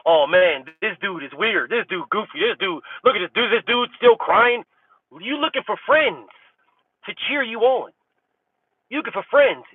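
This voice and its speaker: A boxing channel host, a man with a husky voice, ranting heatedly and repetitively at his chat, with a profane, mocking manner. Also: high-pitched, no room sound, phone-quality sound. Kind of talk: live-stream rant to chat.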